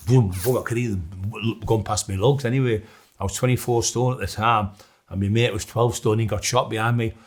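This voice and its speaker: A middle-aged man, telling blunt, rambling stories in a documentary interview, full of restarts. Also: fairly low pitch.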